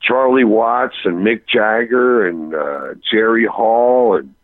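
A man, a touring rock musician, telling an animated anecdote on a radio interview, breaking off and restarting as he goes. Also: lowish voice, takes it slowly, no room sound, narrow, tinny audio. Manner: animated, self-interrupting, chuckling storyteller.

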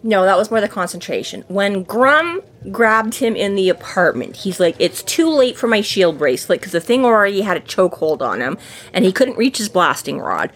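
A woman chatting casually about a book she is discussing with friends. She talks in long, winding sentences, restarting often and stacking fillers as she works out her point. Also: medium pitch. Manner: animated, rambling, lots of fillers and restarts. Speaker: podcast co-host.

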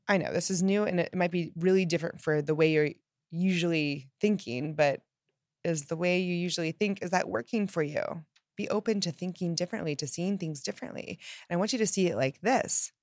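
A woman giving an upbeat motivational self-help talk, emphatic and lively, acting out the phrases she quotes. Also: fairly low pitch, fairly quick, dry recording, studio quality. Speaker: self-help podcast host.

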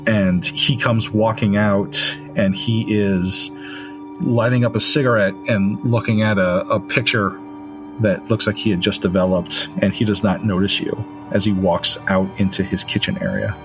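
A man narrates a tabletop game as its game master. His voice sits low, and he talks in a loose, halting way, full of fillers. Faint music plays behind him. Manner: relaxed, halting, many fillers.

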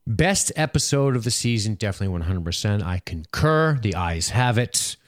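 A young man with a low voice that swings up and down as he chats on a podcast and reads listener comments. He laughs easily and swears casually. The sound is dry and close. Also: moderate pace, no room sound. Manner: laughs often, swears casually, lively delivery. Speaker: podcast co-host.

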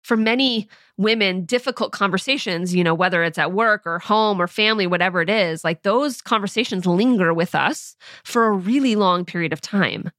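A woman's voice: mid-range voice, normal speed, few pauses, no echo. Woman podcast host, thirties, conversational, frequent light laughs, dry close mic. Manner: conversational, with filler words like "you know" and frequent soft laughs. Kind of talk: casual podcast monologue.

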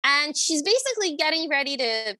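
Bright, high-voiced woman co-host. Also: very animated, brisk, dry recording. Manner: wry and chatty, quotes characters playfully. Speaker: podcast co-host. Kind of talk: casual chat recapping a cartoon.

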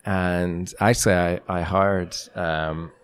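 A man hosting a podcast in casual interview chat, playful and teasing and quick to laugh. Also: deep voice, level tone, smooth. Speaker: podcast host.

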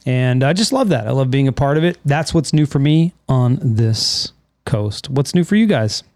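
A man's voice: medium pitch, expressive, moderate pace, darkish tone, no echo. A man hosting a podcast in casual chat, rambling and correcting himself with enthusiasm. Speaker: podcast host.

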